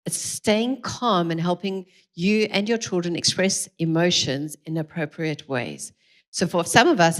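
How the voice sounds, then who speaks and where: Earnest woman addressing a parenting evening. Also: fairly low pitch. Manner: earnest, encouraging, addresses the room directly. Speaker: speaker at a church parenting evening. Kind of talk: live talk to an audience. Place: large room with a live audience.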